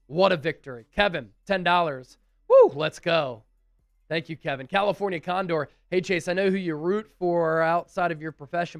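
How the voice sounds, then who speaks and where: A man with a high voice hosts a casual live sports stream, reading fan messages aloud and thanking each sender. The sound is dry and close. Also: no echo.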